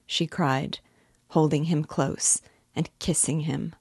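A woman reading a classic novel aloud in a measured, calm manner as host. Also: deep voice, husky, no room sound, clean studio sound. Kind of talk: audiobook reading.

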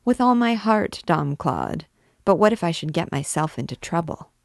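A woman's voice: vocal fry, dry recording, studio quality. A woman reading aloud and voicing a fretful, talkative male poet in a classic novel, anxious and pleading. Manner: excitable, pleading, quick and higher. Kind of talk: audiobook character reading.

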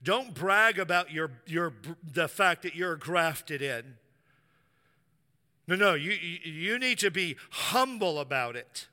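A man preaching a sermon in a church, telling a story with lively acted-out quotes. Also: on the high side, slow, long reverb tail. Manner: animated storytelling, acting out quoted voices. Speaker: pastor.

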